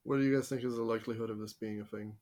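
A man's voice: on the low side, steady tone, very fast, a little mellow. A man co-hosting a podcast in a casual group chat, easygoing and joking. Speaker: podcast co-host.

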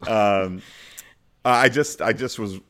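A man's voice: fairly low pitch, takes it slowly, pushed and bright. A man in his thirties hosting a sports podcast, chatting casually with a playful game-show-host flair. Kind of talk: casual chat.

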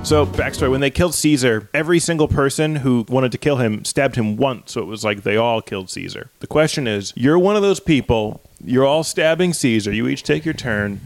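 A man co-hosting a podcast, chatting casually and acting out characters in quick silly voices. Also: medium pitch, no room sound, faint music behind. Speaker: podcast co-host. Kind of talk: casual comedic chat.

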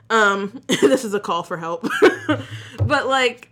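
Speaking slowly in a mid-range voice, this woman co-hosts a casual podcast conversation. Her storytelling is animated, laced with free swearing and frequent laughter.

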